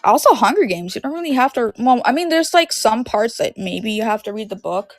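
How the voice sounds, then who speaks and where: Brief: young woman reseller, scratchy throat, fry-heavy chatter, close and dry. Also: a little high, lively intonation, fairly quick, no room sound. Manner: rambling, filler-heavy storytelling. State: sore, itchy throat. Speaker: online reseller selling DVDs and VHS tapes. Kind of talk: casual livestream chat.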